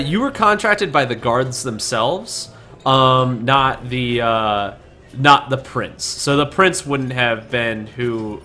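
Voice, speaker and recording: A man narrating a tabletop game as game master, halting and restarting often as he describes the scene. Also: mid-range voice, pushed and bright. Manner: halting, full of restarts and fillers.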